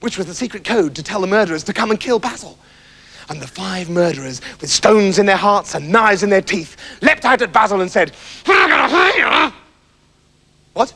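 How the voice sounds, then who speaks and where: A man narrating a comic fairy tale in a manic, shouty way. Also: high voice, a little fast. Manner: wildly animated, shouty, comic. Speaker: storyteller.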